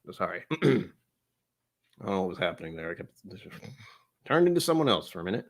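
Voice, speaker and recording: Male vlogger, casual tasting chat, self-deprecating asides, lively pitch. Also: fairly quick, gravelly, long pauses. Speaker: whiskey vlogger.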